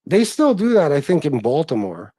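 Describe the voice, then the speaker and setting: A man's voice: a little high, huge pitch swings, normal speed, warm tone, dry recording. Blunt, profane middle-aged man, dry close sound. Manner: profane, blunt, self-deprecating. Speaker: livestream host reading chat. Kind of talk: casual livestream chat.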